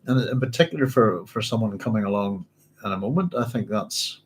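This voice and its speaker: A man's voice: on the low side, animated, brisk, a little hiss or hum, rough recording. A man hosting a book club at home, reading a novel aloud and musing over it in a rambling, self-correcting way.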